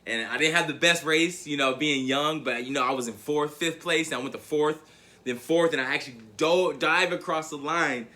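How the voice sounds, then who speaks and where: Brief: man, 30s, keynote speaker, bright forceful tone, emphatic storytelling. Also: on the high side, a little fast. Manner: emphatic storytelling with repeated words and rising emphasis. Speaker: motivational speaker. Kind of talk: motivational keynote speech.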